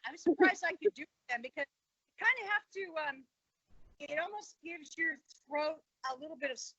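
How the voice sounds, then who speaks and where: A woman in her sixties, a guest in a casual interview, who tells stories with animated delivery and acts out the voices of the people in them. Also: sits high, no room sound, low-quality recording. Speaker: guest, former wrestler and actress.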